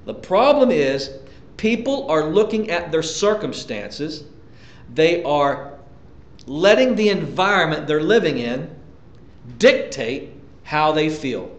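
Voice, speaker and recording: A man's voice: animated, slow. Emphatic preaching man in echoey church. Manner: emphatic preaching, sudden pitch jumps and repetitions. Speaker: pastor. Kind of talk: sermon. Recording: echoey church room, dull lo-fi sound.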